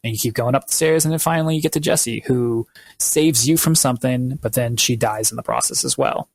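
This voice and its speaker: A man's voice: mid-range voice, a little fast, creaky. A man co-hosting a podcast, recapping at length in a loose, rambling way with lots of fillers. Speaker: podcast co-host. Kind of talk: casual podcast chat.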